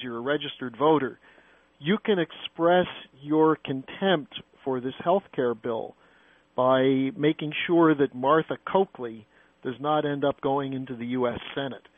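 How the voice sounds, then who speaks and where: A man's voice: a little high, no room sound. A man hosting a political talk radio show, putting pointed questions to his guests. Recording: phone-like narrow band radio sound.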